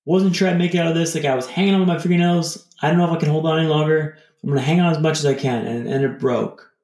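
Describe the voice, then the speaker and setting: A man's voice: fairly high pitch, steady tone, rapid-fire, darkish tone, roomy sound. A man talking casually on a video call as a podcast guest, rambling loosely with lots of fillers. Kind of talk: casual reflective storytelling.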